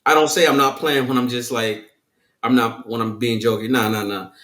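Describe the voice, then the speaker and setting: A man's voice: medium pitch, moderate pace, a bit bright, roomy sound. A man, a guest in a candid discussion who talks in a playful way and often restarts his sentences. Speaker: podcast guest.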